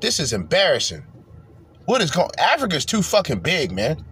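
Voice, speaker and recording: A man hosting a podcast, ranting profanely as he reacts to video clips in bursts of loud, rambling talk. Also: a little high, huge pitch swings, normal speed, husky. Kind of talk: profane reaction commentary rant.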